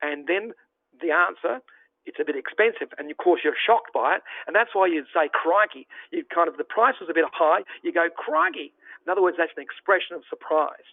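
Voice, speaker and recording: A man's voice: on the high side, brisk, dry recording. Upbeat Australian man on a tinny line. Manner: upbeat, promotional, folksy. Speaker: travel presenter. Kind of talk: online travel presentation. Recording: tinny phone-like dry audio.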